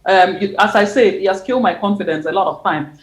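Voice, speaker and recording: A woman from Uganda, a guest on a call from her living room. She gives an earnest, halting personal account with many restarts and repeated phrases. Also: medium pitch, low-quality recording. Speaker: interview guest. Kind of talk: personal testimony. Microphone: video or phone call from home.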